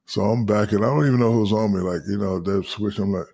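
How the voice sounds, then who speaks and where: A deep, husky man spins animated basketball stories in his fifties. He is profane and loose, and he acts out the lines of the people in his stories. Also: fast. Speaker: guest, retired basketball star. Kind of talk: casual storytelling.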